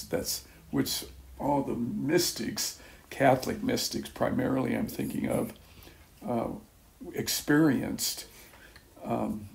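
Older guy telling his faith story to a small group, gravelly voice, keeps restarting and chuckling. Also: mid-range voice. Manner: rambling, halting, with many restarts and soft chuckles. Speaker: speaker at a church gathering. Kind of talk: casual spoken testimony.

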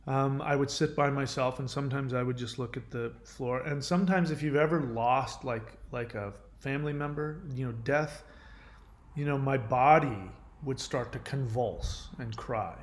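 A man's voice: medium pitch, moderate pace. A middle-aged man speaking earnestly to camera in a candid self-help monologue, with many fillers and restarts.

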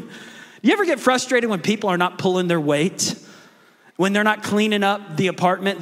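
A middle-aged man preaching a sermon as a pastor, telling stories with quick asides and playful jokes. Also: high-pitched, fairly bright tone. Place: large church hall. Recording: long hall reverb.

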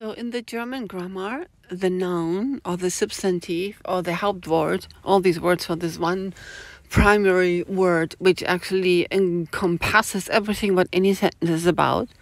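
A woman's voice: on the low side, steady tone, unhurried, no echo. A woman talking casually to her phone camera in a rambling, opinionated monologue full of asides. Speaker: vlogger. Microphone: small phone camera.

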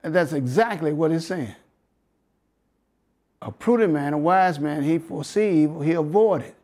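A man with a Southern American accent and a slightly high, darkish voice teaches scripture at a normal pace with lively intonation. He's a health lecturer running an interactive Bible health lesson, preaching and drawing the audience in with questions and chuckles.

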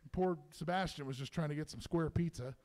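A man performing a stand-up comedy set in a comedy club, telling stories in an animated, profane way. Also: on the high side, fairly quick.

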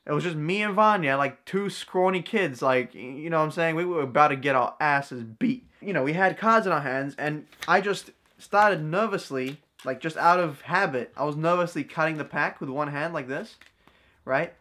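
A man's voice: fairly high pitch, normal speed, sharp tone. Brief: young male vlogger, light voice, loose slangy storytelling full of fillers. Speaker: vlogger and card magician. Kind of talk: casual storytelling to camera.

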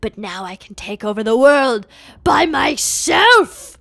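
A woman voicing a gloating male skeleton villain in a game story, speaking slowly and in a menacing hush. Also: high voice, very animated, creaky, dry recording, full character voice. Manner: slow, hushed, menacing.

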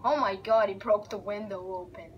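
A woman giving excitable let's-play commentary, reacting loudly and narrating the action on screen. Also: medium pitch, normal speed, muffled recording, soft background music. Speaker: gaming video creator.

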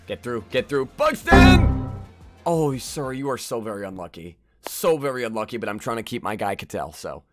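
A young man giving live, trash-talking commentary on his own baseball video game, jumping between low mutters and sudden yells. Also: lively intonation, fairly quick, few pauses, loud music behind the voice. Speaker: gaming YouTuber.

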